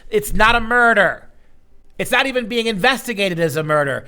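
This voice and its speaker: A man hosts a casual talk show in a bright, forward voice that sits a little high. He jokes sarcastically with a deadpan, mock-serious edge. His tone keeps a teasing bite. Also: normal speed. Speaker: show host and education lecturer.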